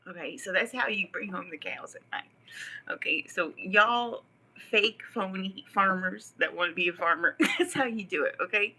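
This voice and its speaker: Woman livestreamer with a bright, tense, husky voice. Rambling and profane, mocking, often slipping into whispers. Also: mid-range voice, unhurried, long pauses, poor audio. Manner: profane and mocking, often drops to a whisper, laughs mid-sentence. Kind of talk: rambling live-stream rant.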